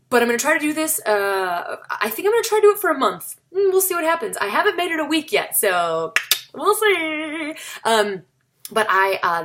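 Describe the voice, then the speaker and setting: Chatty self-mocking woman, lively pitch. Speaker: stand-up comedian vlogging. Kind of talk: casual to-camera vlog talk.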